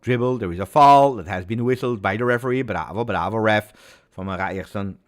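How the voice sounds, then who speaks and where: A man giving live football reaction commentary, excitable play-by-play mixed with exclamations. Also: on the low side, fairly quick. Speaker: football watch-along streamer.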